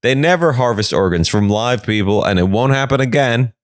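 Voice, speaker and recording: A man's voice: medium pitch, a little fast, dry recording, clean studio sound. A man hosting a podcast and recapping odd news stories with jokes. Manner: jokey, animated. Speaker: podcast host.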